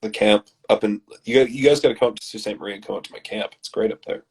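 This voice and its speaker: A man from Canada, hosting and reading his comedy scripts aloud in a dramatic, animated way. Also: fairly low pitch, fast talker, husky. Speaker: host and scriptwriter.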